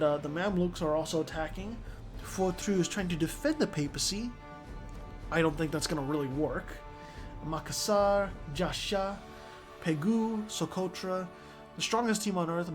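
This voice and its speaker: A strategy game commentator talking casually over a match, excitable, swearing often and restarting sentences. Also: mid-range voice.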